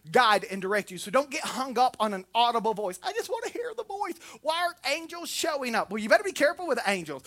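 A Southern man preaching with a bright, forceful edge to his voice. He talks in a folksy, joking way, rising loud and dropping soft by turns, like a pastor at the pulpit. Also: high voice. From Florida. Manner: folksy, humorous, swings between loud and soft. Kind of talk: sermon.

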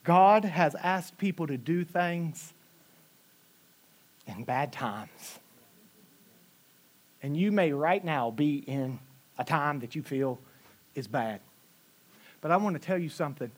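A male pastor preaching a sermon, telling personal stories with lively delivery, acting out quotes and swinging from loud to quiet. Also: on the high side, takes it slowly, long pauses. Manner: animated storytelling, acting out quotes with big swings in loudness.

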